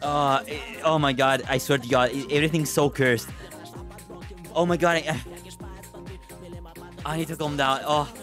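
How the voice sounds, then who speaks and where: Excitable rambling male streamer. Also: a little high, normal speed, pauses often, faint music behind. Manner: excitable, rambling, stammers and swears. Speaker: livestreamer. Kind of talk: casual livestream chatter.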